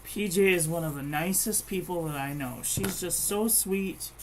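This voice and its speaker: A woman's voice: on the low side, moderate pace, slight background noise. A woman chatting casually while she crafts at home, rambling and meandering, with frequent restarts. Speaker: crafting vlogger.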